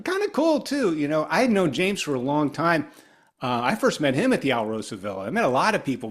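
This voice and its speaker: A middle-aged man from Ohio, a guitarist being interviewed, telling long rambling stories in casual chat and acting out the people he quotes. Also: medium pitch. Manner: rambling, animated, acts out quoted voices. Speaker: guest guitarist.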